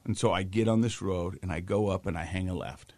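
On a casual talk show, a male co-host tells a story with energy, animatedly acting out the people in it. His voice sits low, he speaks a little fast, and the recording is dry.

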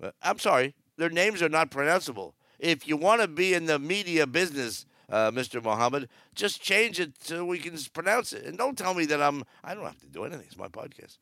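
Older man in his 70s, podcast host, gravelly and dry-miked, blunt rambling commentary. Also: fairly high pitch, very animated, a little fast, hardly any pauses, bright, forceful tone, no echo. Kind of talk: opinionated news commentary. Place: aboard a cruise ship.

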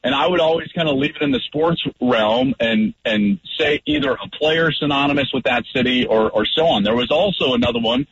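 A man, a former quarterback, talking football on a radio show and acting out his line calls with big jumps in pitch. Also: a little fast, hardly any pauses, muffled recording, slight background noise. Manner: lively, acts out line calls loudly. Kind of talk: animated sports talk.

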